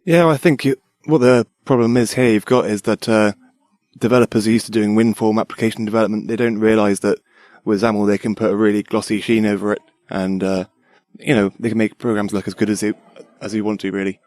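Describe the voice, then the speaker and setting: A man's voice: fairly low pitch, steady tone, fairly quick, darkish tone, no room sound, clean studio sound. A young man, a designer, chatting eagerly about his work in a rambling way with fillers. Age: young adult. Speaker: designer guest. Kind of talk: casual tech chat.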